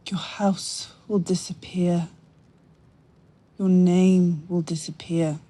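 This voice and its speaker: An actress playing a cold, cutting young noblewoman in a TV drama, with an icy, measured delivery. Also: on the low side, steady tone, dark tone. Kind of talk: TV drama acting.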